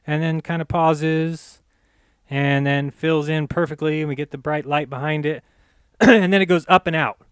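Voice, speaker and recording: A man's voice: fairly high pitch, steady tone, normal speed, a bit bright, clean tone, no room sound, studio quality. A man who hosts his own channel talks over on-screen images, explaining and then ranting with indignant sarcasm. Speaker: channel host.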